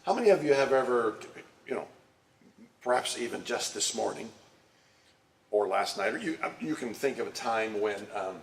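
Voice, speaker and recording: A man's voice: mid-range voice, expressive, moderate pace, vocal fry, pauses often, a little hiss or hum. A man giving a conversational talk to a church congregation, often putting direct questions to his listeners. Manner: engages the audience with direct questions. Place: church sanctuary. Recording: echoey room, distant mic, faint ambience.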